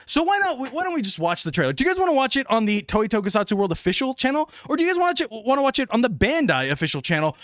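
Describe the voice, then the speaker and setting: A man reacting live to news on his stream, loud and hyped, shouting and laughing until he is out of breath. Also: very high voice, big pitch swings, racing, few pauses, no room sound.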